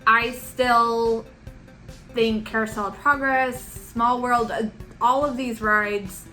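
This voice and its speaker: A woman's voice: a little high, pushed and bright, rough recording. A woman chatting earnestly and enthusiastically as a panelist. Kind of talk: casual chat.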